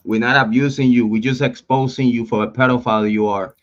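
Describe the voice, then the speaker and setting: A man's voice: medium pitch, steady tone, a little fast. A man hosts a livestream in casual, profane talk. He laughs and mocks as he goes and greets viewers in the chat. The audio is dull and lo-fi. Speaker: livestream host.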